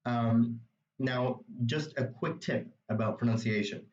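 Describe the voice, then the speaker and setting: A man's voice: medium pitch, unhurried, a little mellow, echoey room, distant mic, highs cut off. A man teaching a language, explaining a reading passage step by step in a patient way with many asides. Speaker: Arabic dialect teacher.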